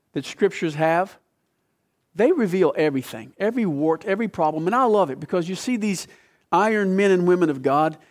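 A man preaching a sermon, earnest, quoting scripture in a raised voice and dropping low to press a point. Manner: earnest, voice climbing high when quoting, dropping low to drive points home. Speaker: pastor.

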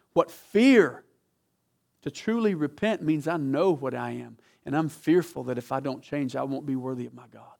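Male pastor, dynamic sermon delivery, somewhat high-pitched, church setting. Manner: dynamic preaching, swings from quiet to loud emphatic reading.

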